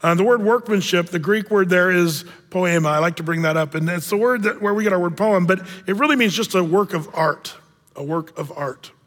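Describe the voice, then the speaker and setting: Animated, high-voiced male pastor preaching. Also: brisk, in a large hall. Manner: animated, jokey storytelling with acted-out voices. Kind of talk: sermon.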